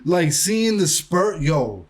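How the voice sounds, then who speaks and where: A man from New York chats on a podcast in a slightly high voice. He tells his stories with excitable energy, swears freely, and acts out his own reactions as he goes. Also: takes it slowly, slight background noise. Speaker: podcast host. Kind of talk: casual chat.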